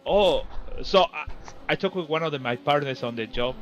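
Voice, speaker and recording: A man co-commentating a race in casual chat, halting and restarting with non-native phrasing. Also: a little high, lively intonation, highs cut off, faint music behind.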